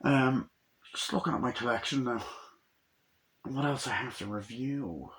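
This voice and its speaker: A man's voice: mid-range voice, measured pace, a bit bright, a little hiss or hum. A young man casually reviewing a movie on his channel, retelling the plot in a rambling way and swearing often.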